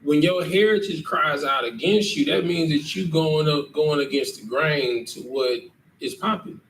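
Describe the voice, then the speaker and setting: Pitched fairly high with a fairly bright tone, this male teacher speaks at normal speed as he leads a scripture lesson with emphasis, often making sure his listeners understand. It's recorded in an echoey room from a far-off mic, with faint noise.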